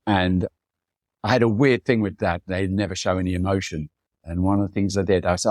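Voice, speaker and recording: A man's voice: low-pitched, a little fast, no room sound, clean studio sound. A man, a photographer, talking as a podcast guest, telling long rambling personal stories and mimicking the people he quotes. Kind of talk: reflective storytelling in conversation.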